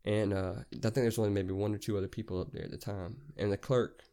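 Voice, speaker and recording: Man, podcast host, rambling profane storytelling, low pitched, dark mellow voice. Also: fast talker, smooth. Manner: rambling, profane, animated retelling. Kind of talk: casual storytelling.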